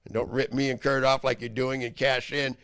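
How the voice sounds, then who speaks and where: A man delivering a heated, rambling monologue, profane and swinging into loud outbursts. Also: medium pitch, flat delivery, fairly quick. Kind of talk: angry ranting monologue.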